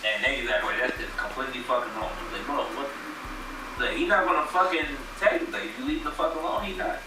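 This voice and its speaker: A man's voice: mid-range voice, sing-song, fast talker. A man co-hosting a casual movie review chat, telling stories in a loose, profane way. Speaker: podcast co-host. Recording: echoey room with background noise.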